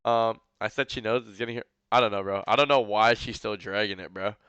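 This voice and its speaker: A male streamer reacting live in a rambling, incredulous way, padded with fillers. His voice is bright and smooth with a slight lisp. The sound is dry and close. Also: on the low side, fairly even intonation, fairly quick, no echo, highs cut off.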